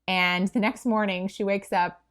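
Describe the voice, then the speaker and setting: A woman's voice: mid-range voice, steady tone, moderate pace, fairly bright tone, smooth. A woman co-hosting a podcast, talking through a book in a thoughtful, enthusiastic way with small restarts. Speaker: podcast co-host. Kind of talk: casual book chat.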